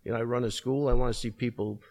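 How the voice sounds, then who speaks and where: A man's voice: mid-range voice, fairly even intonation, fast talker, a little mellow. A middle-aged man who runs a martial arts school, telling stories in a casual, rambling way full of fillers. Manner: rambling storyteller, many fillers. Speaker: martial arts gym owner. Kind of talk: casual podcast chat.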